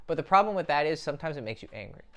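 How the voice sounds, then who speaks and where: A man's voice: a little high, animated, racing, sharp tone. Blunt, profane male dating coach. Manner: blunt and profane, talks straight to the viewer. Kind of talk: casual advice monologue.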